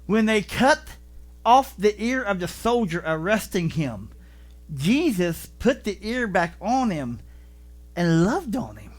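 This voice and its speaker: A man preaching a sermon as pastor in a church, telling stories with animated delivery and acting out voices. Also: high-pitched, slow. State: vertigo, deaf in left ear.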